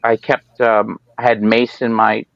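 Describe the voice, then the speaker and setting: On a podcast, a male host chats casually in a lowish, gravelly voice with little pitch movement, taking his time. He tells rambling stories and acts out the people he quotes. The recording is dry with no room sound, and it has a dull lo-fi quality.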